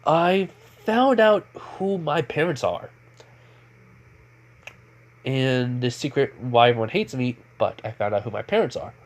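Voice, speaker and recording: A man voicing a calm young male ninja hero in a fan-made story, in a plain, barely changed reading. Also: medium pitch, unhurried, pauses often, close to an everyday voice.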